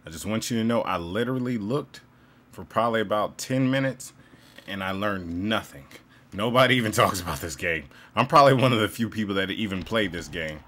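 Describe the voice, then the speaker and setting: Young man, gaming commentary, excitable and swearing, bright voice, wide pitch swings. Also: fairly quick. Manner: excitable, swearing, self-mocking. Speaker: gaming channel host. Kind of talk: casual gameplay commentary.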